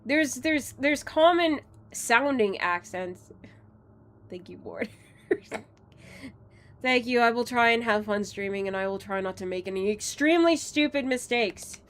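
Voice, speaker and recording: While streaming a game, a woman rambles and jokes, swearing freely and laughing often in casual live commentary. Her voice is a little high, her intonation lively, and her pace a little slow.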